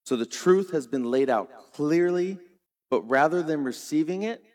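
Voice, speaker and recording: A middle-aged man preaching a sermon, retelling a scripture story dramatically and shifting between quiet and loud. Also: a little high, animated, unhurried. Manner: dramatic storytelling preacher, varies volume widely. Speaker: pastor.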